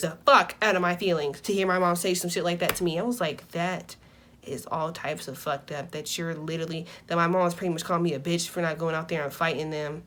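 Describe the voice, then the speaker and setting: Bright-voiced young woman telling a story. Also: lowish voice, a little hiss or hum. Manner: animated and profane, swinging from loud outbursts to muttered asides. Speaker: vlogger. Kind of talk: casual storytime.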